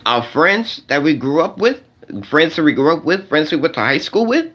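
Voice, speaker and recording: A man's voice: very animated, normal speed, a bit bright. A man doing a stand-up rant to a crowd, repeating himself and sounding exasperated, his voice shooting up when he gets indignant. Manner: repetitive, exasperated, voice jumping high when indignant.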